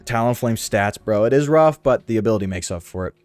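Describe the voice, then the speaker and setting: A young man with a sore throat giving slangy, excitable commentary while playing a video game. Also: on the low side, a little fast, no echo, soft background music. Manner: slangy, excitable, lots of "dude" and "bro". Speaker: gaming video host.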